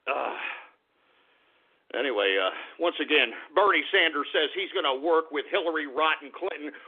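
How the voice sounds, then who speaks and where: A man hosting a talk radio show, ranting with profanity and shouting outbursts. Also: a little high, animated, normal speed, slightly rough. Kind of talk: angry talk radio rant. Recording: tinny phone-like radio audio.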